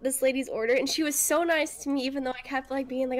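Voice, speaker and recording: A woman telling lively stories in a casual group chat, acting out the voices of customers and coworkers. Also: sits high, brisk. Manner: lively storyteller, acts out drive-thru voices. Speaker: stream participant.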